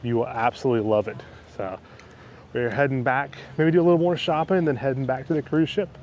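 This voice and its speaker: An excited man narrates his own travel vlog while walking around a harbor town, piling on the superlatives. His voice sits at an ordinary middle pitch. A faint hiss runs under the recording. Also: brisk, muffled recording. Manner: enthusiastic and upbeat, with frequent superlatives. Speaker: travel vlogger. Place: outdoors in a port town.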